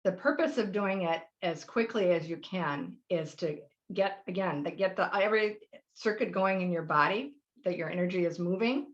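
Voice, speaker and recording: A woman's voice: lowish voice, normal speed, highs cut off. A middle-aged woman hosting a live webinar workshop, explaining practices in a friendly, rambling way with fillers. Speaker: workshop host.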